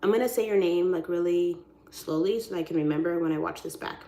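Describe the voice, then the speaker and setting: A woman's voice: on the low side, a little fast, mellow. A woman realtor chatting casually on a live stream, goofy and rambling in a silly, friendly way. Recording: roomy echoey sound.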